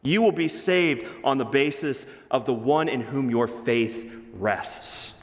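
A man's voice: medium pitch, lively intonation, slow. A man preaching a sermon as pastor to his congregation, emphatic and swinging his pace for emphasis. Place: church sanctuary. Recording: reverberant hall.

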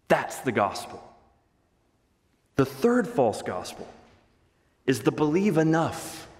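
Male pastor, animated sermon delivery in a reverberant sanctuary. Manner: emphatic, varies pitch and pace for emphasis. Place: church sanctuary. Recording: reverberant hall.

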